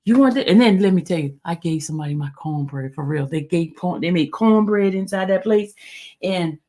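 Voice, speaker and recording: A woman's voice: lowish voice, normal speed, mellow. A woman host telling viewers a personal story in a chatty, rambling way, with many fillers and restarts. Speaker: YouTube host.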